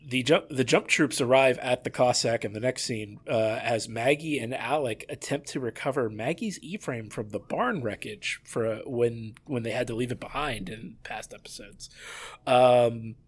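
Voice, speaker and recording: A man co-hosting a podcast, recapping a show's scenes in casual chat with quick asides. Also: medium pitch, animated, slightly rough. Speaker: podcast co-host.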